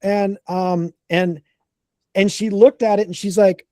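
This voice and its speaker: A contractor tells a casual work story with lots of energy, acting out each quote and tripping over frequent restarts. His voice sits a bit high but sounds mellow and relaxed at a normal speed, recorded dry and close with no echo.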